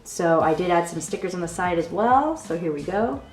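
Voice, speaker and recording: A woman hosting a craft tutorial, walking through her handmade album with excited, gushing talk and a frequent "okay?". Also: lowish voice, normal speed. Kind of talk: enthusiastic product walkthrough. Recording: echoey room with soft background music.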